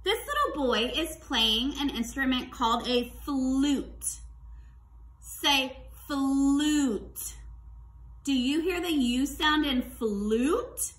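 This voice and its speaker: A woman teaching a kindergarten workbook lesson, talking slowly and clearly in a sing-song way and prompting children to repeat words. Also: sits high, expressive, a bit bright, roomy sound. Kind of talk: distance-learning workbook lesson for young children.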